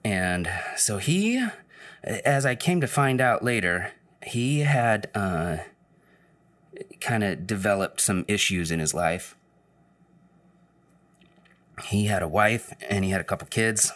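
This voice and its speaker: A man's voice: lowish voice, lively intonation, slow, pauses often, a bit bright. A man telling a personal story in casual storytelling style, rambling, with frequent fillers and restarts.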